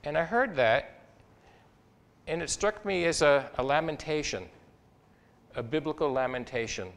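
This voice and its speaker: An older man, a psychology professor, telling a personal story in a talk, expressive and reflective, with small restarts. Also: a little slow, long pauses. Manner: expressive, rises and falls in pitch and loudness while recounting.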